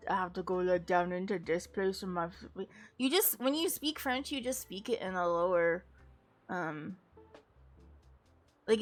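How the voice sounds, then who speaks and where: A woman streaming a game, chatting casually to her viewers in a giggly way and stopping often to correct herself. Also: fairly low pitch. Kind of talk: casual live-stream chat while playing a game. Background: faint game music.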